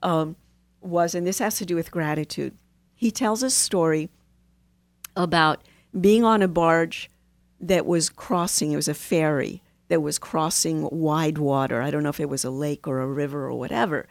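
Calm, measured woman therapist. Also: low voice, gravelly, no room sound. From United States. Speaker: marriage and family therapist, guest. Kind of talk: casual interview chat, storytelling.

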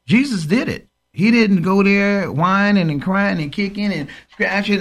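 A man's voice: high-pitched, expressive, measured pace, hardly any pauses, a bit bright. Emphatic preaching radio host man. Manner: emphatic, quotes scripture, exhorting. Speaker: co-host of a Christian radio show.

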